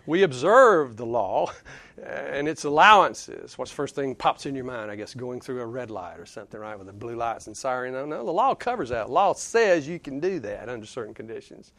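A man preaching a conversational sermon, chuckling and rising for emphasis before dropping low. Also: animated, normal speed, fairly bright tone.

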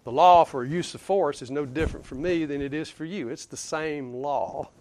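A man preaching a conversational sermon, chuckling and rising for emphasis before dropping low. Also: moderate pace, darkish tone.

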